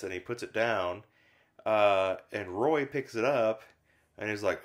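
A man with a low voice talks through an old film in loose, casual chat. He wanders with fillers and restarts, and slips into quick voiced-out bits of dialogue when he retells scenes. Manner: rambling, many fillers, acts out lines from scenes. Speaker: film review podcast co-host. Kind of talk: casual conversational film discussion.

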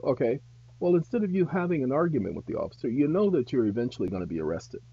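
A husky man talks straight to his viewers, measured and deliberate, and his lively pitch swings up into loud indignation. It is a dull, dry recording. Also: no room sound. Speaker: host. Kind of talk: advice monologue to viewers.

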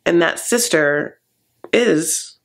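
A man's voice: on the high side, animated, very slow, vocal fry, a bit bright. A man hosting a comedic TV recap, campy and gossipy with sassy asides.

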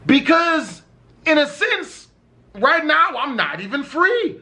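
A young man with a very high, bright voice tells a story from his own life to the camera. He swears nearly every sentence and leans hard on the key words, in a loose, casual vlog delivery. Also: animated, normal speed. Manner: profane, emphatic, swears constantly. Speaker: vlogger telling a personal story.

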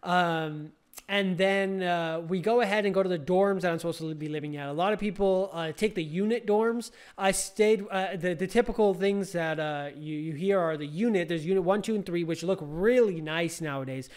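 A man's voice: sits high, normal speed, a little mellow, clear, resonant tone. A young man casually recounting a story, rambling with lots of fillers and restarts. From California. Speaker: podcast host.

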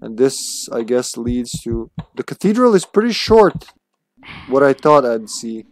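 Slow-talking man streaming a game. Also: medium pitch, very animated, no room sound, low-quality recording. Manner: chatty, greets viewers, thinks aloud while playing. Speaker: streamer playing a video game live. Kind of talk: casual live-stream commentary.

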